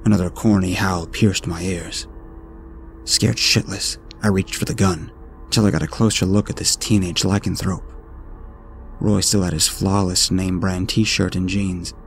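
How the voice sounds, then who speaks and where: A man narrating a horror story in a steady, ominous storytelling manner. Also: deep voice. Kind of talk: scripted narration. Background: faint music.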